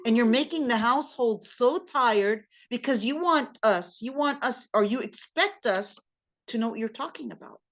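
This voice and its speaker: A woman with a slightly high voice teaches a religious class in a loose, conversational style. She acts out spouses' lines and keeps asking "okay?". The recording is dull and lo-fi. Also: lively intonation, normal speed, a bit bright. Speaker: Islamic studies teacher. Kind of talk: casual spoken lecture. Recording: muffled lo-fi sound.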